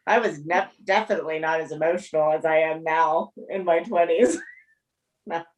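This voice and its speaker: Slow-talking woman set back from the mic. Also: sits low, expressive, recorded from a distance. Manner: slow, laughs often. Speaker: book club co-host. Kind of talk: casual book chat. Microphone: video call, a bit off mic.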